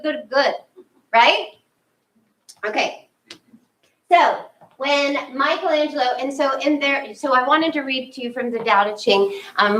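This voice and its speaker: Woman spiritual leader, fairly high, bright voice; chatty sermon with acted-out asides, distant mic. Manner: animated, acts out her own inner thoughts. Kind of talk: conversational sermon.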